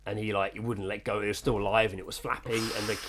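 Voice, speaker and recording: Brisk male co-host, quick-fire casual anecdotes, swears freely. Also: lowish voice, little pitch movement, background noise. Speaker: podcast co-host. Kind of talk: casual chat.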